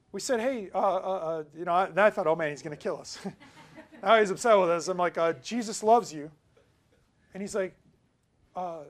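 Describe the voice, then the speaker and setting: Telling a story from his own life, this pastor preaches casually and chattily, alternating forceful, loud points with hushed side remarks. He has a high voice.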